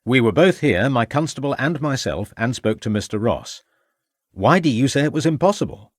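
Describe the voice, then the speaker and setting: Formal period police inspector, voiced by a man, precise and insistent, lively pitch, close dry audiobook sound. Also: normal speed, no echo, lightly acted. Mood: probing. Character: sharp, probing male police inspector.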